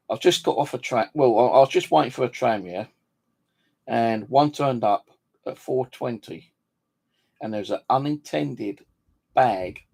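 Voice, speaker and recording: A man's voice: mid-range voice, gravelly, a little mellow, husky. A man telling an angry story in a casual monologue, swearing freely and acting out the conversations. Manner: swears freely, indignant, retells dialogue. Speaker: vlogger.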